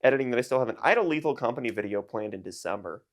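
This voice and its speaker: Talking rapid-fire to camera, an American YouTuber and streamer in his twenties goes on a jokey, self-deprecating, meandering vlog rant. His medium-pitched voice is animated throughout.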